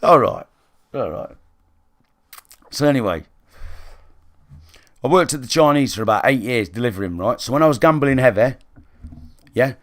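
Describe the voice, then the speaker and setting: A man's voice: mid-range voice, expressive, moderate pace, long pauses, a bit bright, no echo. A British man speaking in a medium voice with a dry, close sound. He tells his story frankly and swears freely, talking casually to his live chat. He checks in often with listeners. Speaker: gaming livestreamer.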